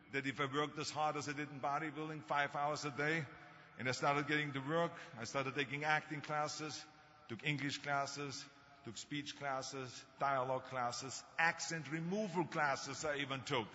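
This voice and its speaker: A man in his sixties with a German accent delivers a commencement speech full of jokes and anecdotes, stressing his points firmly. His voice is bright and sits somewhat high for a man. It echoes through a long reverberant hall on slightly dull, lo-fi sound. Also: a little hiss or hum. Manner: anecdotal, joking, emphatic. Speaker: commencement speaker.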